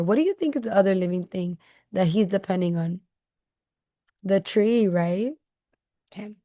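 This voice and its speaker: A woman teacher reading a picture book aloud to children and stopping often to ask them gentle questions. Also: mid-range voice, no echo, clean studio sound. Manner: gentle questioning, checking in with listeners.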